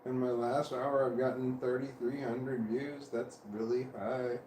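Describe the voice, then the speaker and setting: A coughing man rambles to himself during a livestream in a home room with a fan running. His medium-pitched voice is level and a little slow, heard with roomy sound and heavy background noise, as he meanders, corrects himself, and chuckles.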